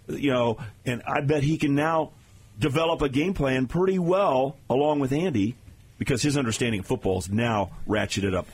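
A man's voice: medium pitch, moderate pace, husky. A man talking as a guest analyst on a sports radio show, explaining plays in an emphatic way.

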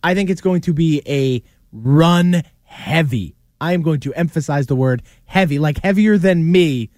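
High-voiced animated sports podcast man. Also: a little fast, no room sound, studio quality. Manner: animated, argumentative, laughs often. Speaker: podcast co-host. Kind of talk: casual sports chat.

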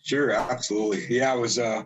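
A man's voice: mid-range voice, steady tone, fairly quick, slight background noise, low-quality recording. A middle-aged man, a cabinet designer, talking as a guest in a friendly, easygoing way with many fillers. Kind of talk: casual interview talk.

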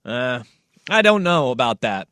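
A male radio host chatting casually, animated and playful, rambling through stories. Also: mid-range voice, a little slow, no echo, studio quality.

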